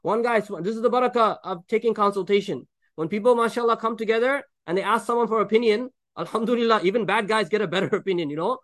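Guy giving a quran sermon super fast, high voice, jokey and animated. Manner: animated, joking, acts out quoted characters. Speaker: Islamic preacher. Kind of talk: sermon on Quran with Arabic recitation.

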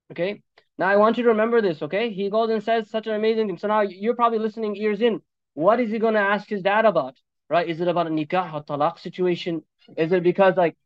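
A male preacher giving a sermon on Quran commentary, animated, with joking asides and switches between Arabic recitation and English. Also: high-pitched, fairly quick, no echo. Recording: dull, dry lo-fi recording.

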